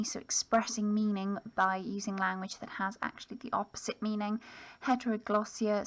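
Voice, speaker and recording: A woman, an English teacher, talking through a recorded poetry lesson over her slides in a relaxed way, with frequent ums and small self-corrections. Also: mid-range voice, poor audio.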